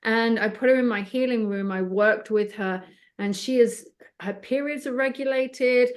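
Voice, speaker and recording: A middle-aged woman, a psychic medium guest in an interview, telling animated anecdotes and acting out both sides of the conversation. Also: a little high, moderate pace.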